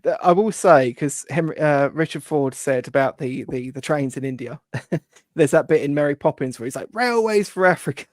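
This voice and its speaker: A man's voice: mid-range voice, normal speed, a little mellow, no room sound, clean studio sound. A man chatting loosely on a political talk show, with lots of fillers.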